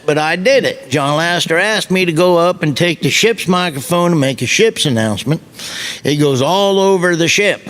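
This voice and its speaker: A man's voice: on the high side, fairly bright tone. A man with a Southern US accent doing a stand-up comedy set, telling rowdy stories and acting out voices on stage. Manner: rowdy storytelling, acts out voices. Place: stage before a live audience. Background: audience laughter.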